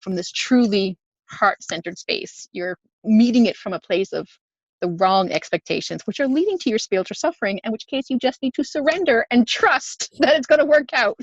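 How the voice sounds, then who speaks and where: A woman co-hosting a podcast, telling stories in an animated way with frequent laughs during a casual spiritual chat. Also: on the high side, moderate pace, no echo, muffled recording. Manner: animated storytelling, laughs often. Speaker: podcast co-host.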